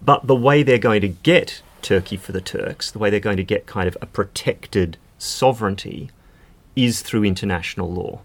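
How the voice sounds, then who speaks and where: A man's voice: lowish voice, normal speed. A man speaking as a legal expert guest in a podcast conversation, explaining at length with casual fillers.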